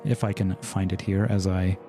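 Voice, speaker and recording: A man's voice: low voice, level tone, normal speed, warm tone, soft background music. A man playing in a tabletop game, making wry, teasing asides. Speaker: player. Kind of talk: tabletop game player banter.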